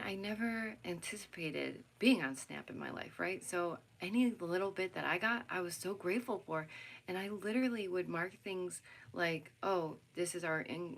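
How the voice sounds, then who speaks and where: Gravelly-voiced woman ranting to camera. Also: lowish voice. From United States. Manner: animated, ranting, frequent laughs and "right?". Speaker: vlogger. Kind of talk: casual opinion chat to camera.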